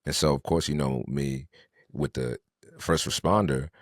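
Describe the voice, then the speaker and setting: A man co-hosting a podcast, telling stories in a slangy, animated, casual way. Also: very deep voice, unhurried, no room sound, studio quality. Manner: slangy, animated storyteller with restarts. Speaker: podcast co-host. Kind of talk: casual storytelling chat.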